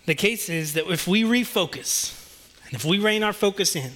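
A playful man telling a children's story to a congregation and then turning it into a sermon. His voice is high and bright, and he keeps things light by poking fun at himself. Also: lively intonation, moderate pace. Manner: playful, self-deprecating storyteller.

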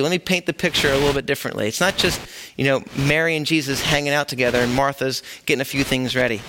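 A man's voice: on the high side, noisy background. A middle-aged man preaching a sermon in a conversational, joking way, talking straight to the congregation. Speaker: pastor.

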